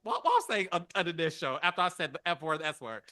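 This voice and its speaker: Man, middle-aged, podcast host, animated, emotional, bright voice, slightly high. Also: fast. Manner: animated, emotional, dramatic pitch swings. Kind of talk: casual commentary to camera.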